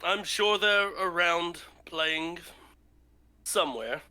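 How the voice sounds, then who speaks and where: A man voicing a calm, weary male dwarf who speaks slowly and hesitantly in a tabletop game. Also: heavily acted. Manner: slow, hesitant, low-key.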